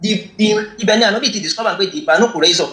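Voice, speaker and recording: Rapid high-voiced man, echoey. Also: bright, forceful tone. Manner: rapid, insistent, switching between Yoruba and English. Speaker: debate participant. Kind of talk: heated online religious debate.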